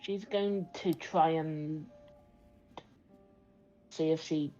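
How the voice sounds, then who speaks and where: A woman playing a tabletop game, speaking in a hesitant, halting way. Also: low voice, steady tone, mellow, lo-fi sound, soft background music. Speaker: player.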